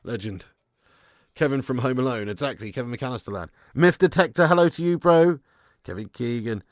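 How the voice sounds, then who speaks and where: A man's voice: medium pitch, brisk, no echo, studio quality. A man with a casual, laughing manner hosts a football watch-along stream, swearing freely and reading viewers' messages aloud. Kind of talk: casual live-stream chat.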